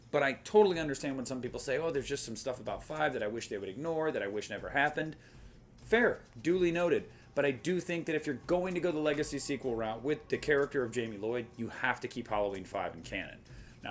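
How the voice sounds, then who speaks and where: A young man talks straight to camera about where a horror franchise should go next. His voice sits mid-range and he hammers his points with blunt emphasis and wry jokes. A faint music bed runs beneath him. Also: medium pitch. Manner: emphatic, animated, jokey asides. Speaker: horror film commentator. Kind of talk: opinionated casual monologue.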